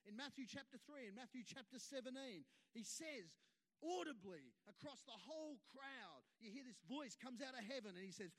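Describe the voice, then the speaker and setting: A man's voice: very high voice, animated, fairly quick, a bit bright. A middle-aged man, a pastor preaching a sermon to his congregation, earnest and building to emphatic bursts. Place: church hall.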